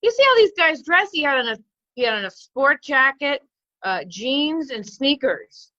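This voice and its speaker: A woman in her forties, a comedian rambling through self-mocking stand-up bits with a deadpan delivery. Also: sits high, moderate pace, no echo, dull audio. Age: 40s.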